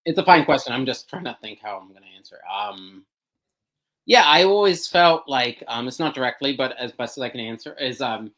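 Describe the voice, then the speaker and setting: A young man speaking as a podcast guest, talking casually and hesitantly with many pauses and restarts as he searches for words. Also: medium pitch, sharp tone, rough recording. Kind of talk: casual interview conversation.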